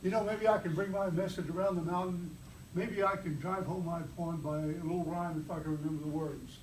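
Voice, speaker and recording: A man with a high voice delivers a humorous club speech, teasing his listeners with playful examples. He sounds roomy and set back from the mic, with faint noise behind him. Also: fairly even intonation, brisk, recorded from a distance. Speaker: club speaker. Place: meeting room.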